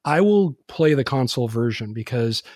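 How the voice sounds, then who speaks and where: A man's voice: medium pitch, expressive, normal speed, a little mellow, dry recording. Chatty man with a dry voice. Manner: rambling, chatty, many fillers. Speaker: podcast host. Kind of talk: casual chat.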